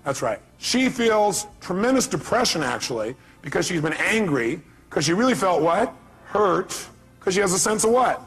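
A man's voice: high voice, very animated, normal speed, a bit bright, breathy edge, faint music behind. A man giving a live motivational seminar, speaking emphatically and firing rhetorical questions at the audience.

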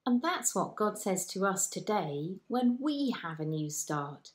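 Slow, gentle woman vicar. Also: medium pitch, animated. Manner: gentle, slow, storyteller's delivery. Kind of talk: children's talk and Bible storytelling.

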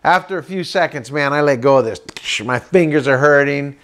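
A man doing stand-up comedy, telling a story with lively acted-out voices and sound effects. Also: a little high, a little fast. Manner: animated, acts out voices and boat sounds.

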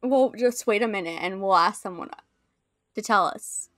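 A woman's voice: mid-range voice, moderate pace, fairly bright tone. A woman streamer chatting casually during a co-op game, teasing her partner and swearing freely. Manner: swears often and teases her co-player. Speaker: streamer host. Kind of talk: casual gameplay chat.

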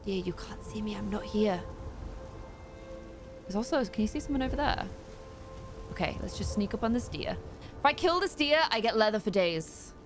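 Playful, animated young woman streamer. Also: mid-range voice, moderate pace, long pauses, over music. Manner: chatty and playful, giggly exclamations. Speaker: gaming streamer. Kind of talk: casual let's-play commentary.

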